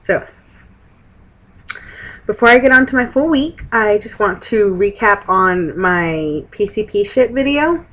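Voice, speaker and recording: A woman's voice: mid-range voice, lively intonation, unhurried, a bit bright, poor audio. A young woman, chatting frankly to camera at a friend's house, rambling with sarcastic asides. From Texas. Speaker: vlogger. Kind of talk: casual chat to camera.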